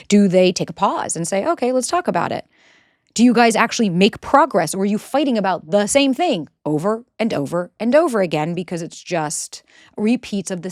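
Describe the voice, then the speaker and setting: A woman's voice: mid-range voice, no echo, studio quality. A woman in her thirties giving casual relationship advice, blunt and sarcastic, swearing freely. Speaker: relationship coach.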